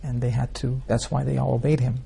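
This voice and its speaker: Guy with a husky gravelly voice rambling through a scripture story, lots of "hmm?" to the room. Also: mid-range voice, flat delivery, brisk, mellow. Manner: rambling storytelling with rhetorical questions. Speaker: spiritual teacher. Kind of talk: informal scripture class.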